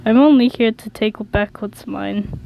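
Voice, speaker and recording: A hostile young man snaps and snarls in a Norwegian accent, put on by a woman reading aloud. The voice sits fairly high and moves slowly. It is a storybook reading with plain, amateur acting. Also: creaky, mellow, a little hiss or hum, rough recording. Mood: cold. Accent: attempted Norwegian accent. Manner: snapping, snarling.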